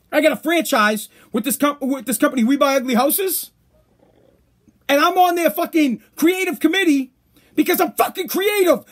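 Man in his 30s, podcast host, high-pitched, worn-out voice, profane sarcastic rant. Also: a bit bright. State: tired, voice worn out. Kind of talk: casual profane monologue.

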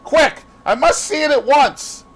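A man with a Boston accent voicing an anxious young gentleman who turns frantic and commanding, high and loud. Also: a little slow, a little hiss or hum.

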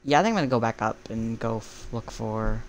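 A teenage boy from the East Coast of the United States, rambling through casual gameplay commentary while he plays, musing aloud with soft chuckles. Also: on the low side, expressive, brisk, slight background noise. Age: teens. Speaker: gaming streamer.

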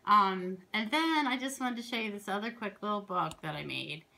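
A woman from Pennsylvania talks through her craft projects in a casual show-and-tell. She rambles happily, stacking asides and side stories. Her voice sits at an everyday middle pitch. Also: moderate pace, creaky. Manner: rambling and excitable, with many asides. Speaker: crafting vlogger.

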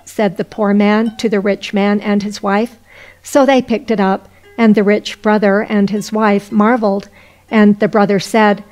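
A woman narrating a folk tale audiobook in a steady storytelling voice. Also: medium pitch, measured pace, faint music behind.

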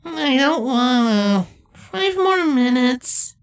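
A man voicing a sleepy, whiny young male changeling nymph in a storybook reading, halting and stumbling over words. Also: extremely high pitch, animated, clean tone, voice pushed up, exaggerated voice. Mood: whiny groggy. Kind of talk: fanfiction reading.

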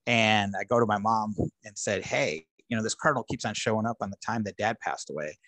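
A man with a fairly low voice recorded dry and close, telling his own paranormal encounters. He is earnest and narrative, acting out what his family said in little quoted exchanges. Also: brisk, a bit bright, no room sound. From United States. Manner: earnest storyteller, quoting family in dialogue. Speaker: guest. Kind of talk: telling personal paranormal stories.

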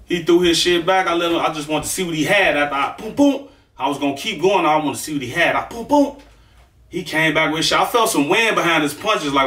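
A man's voice: on the high side, a bit bright. A man telling a story in a casual, profane and emphatic way, acting out the fight with punch sounds. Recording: echoey room, far from the mic.

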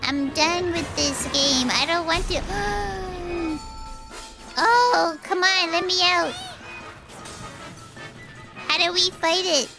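A woman streaming games live, talking excitably with frequent giggles and dramatic outbursts. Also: very high-pitched, takes it slowly, pauses often, music in the background. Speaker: game streamer. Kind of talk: live gameplay commentary.

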